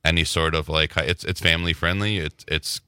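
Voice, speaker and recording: A man's voice: rumbling low, steady tone, a little fast, pushed and bright, smooth, no echo, clean studio sound. A man from Wisconsin, a musician guest talking easygoing in a casual radio chat.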